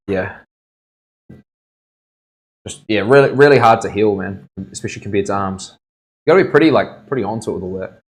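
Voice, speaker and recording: A young man, a tattoo artist chatting casually on a stream and telling rambling stories full of slang. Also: fairly low pitch. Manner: laid-back, rambling storyteller full of "like", "bro" and "eh". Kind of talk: casual chat.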